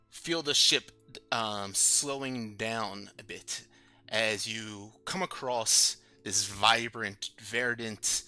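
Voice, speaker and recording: Man, game master, tabletop narration, bright tone, fairly low pitch, descriptive. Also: clear, resonant tone. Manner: descriptive, unhurried with fillers.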